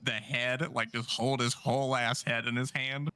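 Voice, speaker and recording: Bright-voiced joking male player. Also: mid-range voice, level tone, moderate pace, clean tone. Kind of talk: casual table talk.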